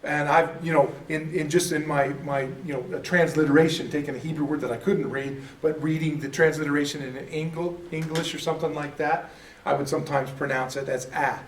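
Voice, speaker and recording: A man leads a relaxed church class, chatty and quick to laugh at his own mistakes. His voice sits fairly high. He sounds a little far from the mic in an echoey room with faint background noise. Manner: chatty, self-deprecating, laughs often. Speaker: Bible study teacher. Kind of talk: casual classroom teaching.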